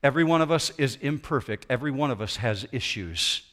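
A man preaching a sermon as pastor in a church auditorium, swinging between loud emphasis and quiet intensity. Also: medium pitch, animated, brisk.

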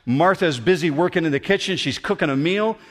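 A man preaching a sermon as pastor, animated and acting out the voices he quotes. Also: on the high side, fairly quick. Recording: long hall reverb.

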